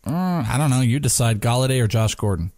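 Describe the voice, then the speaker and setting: A man's voice: medium pitch, fast, a little mellow, no room sound, clean studio sound. A man from Arizona co-hosting a podcast, bantering and joking about his fantasy football lineup. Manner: joking, self-deprecating banter. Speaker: podcast co-host. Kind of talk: casual fantasy football chat.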